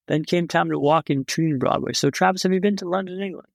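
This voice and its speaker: Gravelly, vivid storytelling man. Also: on the high side, moderate pace, dry recording. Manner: vivid, dramatic storyteller with wry humor. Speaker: podcast guest. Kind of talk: storytelling in a conversation.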